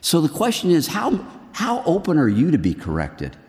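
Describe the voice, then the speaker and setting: Lively, earnest male preacher in a hall. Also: on the high side, normal speed. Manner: lively, earnest preaching that swings between loud and hushed. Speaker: men's ministry speaker. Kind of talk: sermon.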